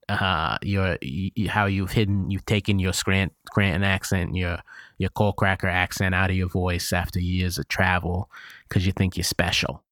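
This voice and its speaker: A man's voice: deep voice, a bit bright, clear, resonant tone, dry recording, clean studio sound. A man co-hosting an improvised comedy podcast, rambling and restarting his sentences in mock-defensive banter. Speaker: podcast co-host. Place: studio.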